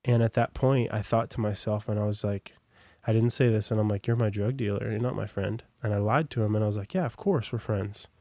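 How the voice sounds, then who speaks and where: A man's voice: fairly low pitch, a little fast, dark tone, no echo. A young American man on a podcast, telling his own story in a casual, rambling way with lots of fillers and asides. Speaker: podcast guest.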